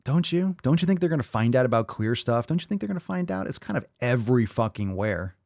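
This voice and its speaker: A man's voice: medium pitch, very animated, fast talker, darkish tone, no echo, studio quality. A man hosting a show, reacting to video clips with blunt, profane, mocking commentary.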